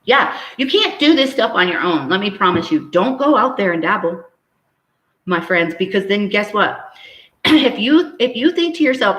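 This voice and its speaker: A woman medium talks to her live-stream audience in an animated, preachy way, often checking in with a quick "right?". Her voice sits in a middle range. The recording carries a clear echo from the room around her. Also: mid-range voice. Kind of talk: live-stream chat answering viewer comments.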